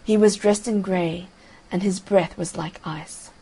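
Husky, gravelly woman reading a fairy tale. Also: lowish voice, fairly even intonation, a little slow, warm tone, poor audio. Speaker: narrator.

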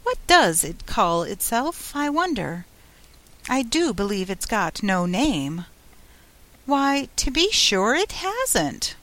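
A woman's voice: fairly high pitch, sing-song, slow, a bit bright, full character voice. A woman voicing a curious young girl who muses aloud and rambles in a storybook reading. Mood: musing. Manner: musing aloud, rambling, eager.

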